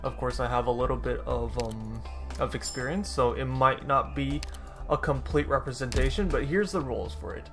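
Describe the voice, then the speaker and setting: A man's voice: medium pitch, normal speed, fairly bright tone, faint music behind. A man giving casual, rambling commentary over his own gameplay, often correcting himself and dropping dry sarcastic asides. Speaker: gaming YouTuber.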